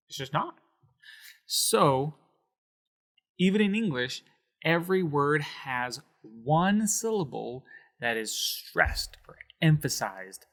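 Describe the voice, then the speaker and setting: A man's voice: a little high, a bit bright. A man teaching a Spanish lesson on video, explaining with emphasis and sounding out words syllable by syllable.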